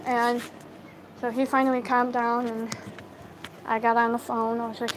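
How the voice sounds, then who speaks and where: Woman, high-pitched, casual storytime, rambling retelling, quoted dialogue, faint background noise. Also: completely flat delivery, moderate pace, low-quality recording. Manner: filler-heavy retelling, lots of "I'm like".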